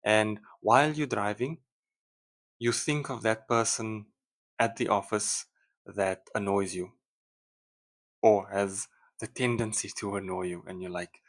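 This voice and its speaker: A man speaks casually to his viewers in a somewhat low voice. He rambles, pauses on ums and restarts his sentences. He drops into a muttering, annoyed inner voice to act out his examples. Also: steady tone. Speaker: vlogger. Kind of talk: casual talk to camera.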